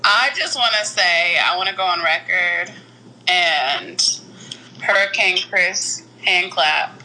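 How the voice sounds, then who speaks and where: A woman's voice: on the low side, slow, bright, forceful tone, slight background noise, low-quality recording. A woman co-hosting a casual chat, blunt and joking, full of opinions.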